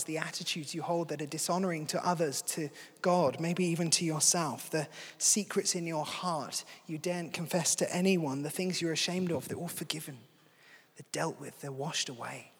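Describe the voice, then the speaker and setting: Husky high-voiced preacher. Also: male voice, fairly bright tone. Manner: conversational and earnest. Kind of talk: sermon. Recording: long hall reverb.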